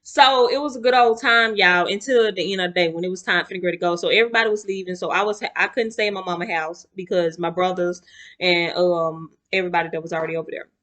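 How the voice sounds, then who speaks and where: A woman's voice: on the low side, fast talker. A young woman, talking to camera in a chatty storytime vlog and acting out her relatives' voices. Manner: animated, acts out relatives' voices, chatty with y'all asides. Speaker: vlogger.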